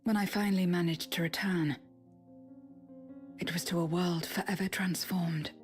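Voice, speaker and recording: An actress voicing a weary, regretful young woman warrior in a video game cutscene, speaking in a breathy near-whisper. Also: lowish voice, steady tone, moderate pace, soft background music, lightly acted. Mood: somber.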